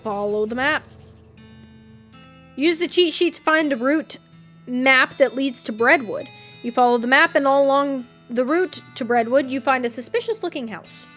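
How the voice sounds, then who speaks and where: A woman's voice: high-pitched, moderate pace, fairly bright tone, soft background music. A woman streamer reading game text aloud, with playful, wry asides to her viewers.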